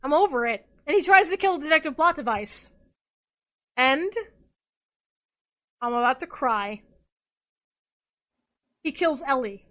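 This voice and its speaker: A tipsy woman hosts a comic podcast, retelling a story with frequent swearing and bursts of laughter. Her voice sits high and sounds bright and forceful. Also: slow, pauses often, poor audio. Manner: animated, swearing, laughing often. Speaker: podcast host.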